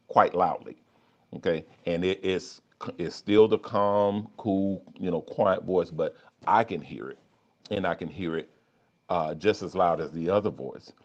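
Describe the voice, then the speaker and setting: A low-voiced man speaking as a life coach on a livestream. His talk is candid and conversational, full of repeats and restarts. The audio is dull and lo-fi. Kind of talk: livestream talk reading chat.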